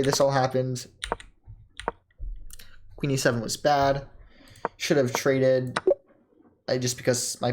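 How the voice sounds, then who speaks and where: A young man talks through his own chess game at a middling pitch, thinking aloud in a loose, casual way. He stops often on "um", restarts half-finished phrases and lets out small laughs. Keyboard and mouse clicks come through clearly behind him. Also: background noise. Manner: halting, self-correcting, many ums and laughs.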